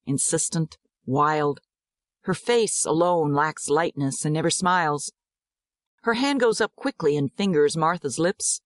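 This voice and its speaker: A woman narrating a dramatized audiobook in a measured, descriptive way. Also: low voice, no room sound, studio quality.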